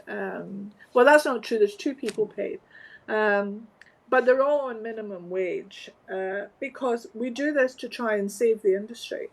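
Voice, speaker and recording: A Scottish woman, a guest from the flower trade, telling stories in an animated, wry and emphatic way. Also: on the high side, slightly rough, poor audio. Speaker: interview guest, floral industry organizer. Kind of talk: conversational storytelling.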